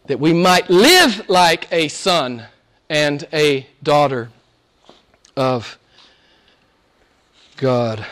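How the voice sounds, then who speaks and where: Brief: male pastor, high voice, impassioned sermon delivery, drops soft then builds loud, repeats phrases for emphasis. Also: expressive, very slow, long pauses.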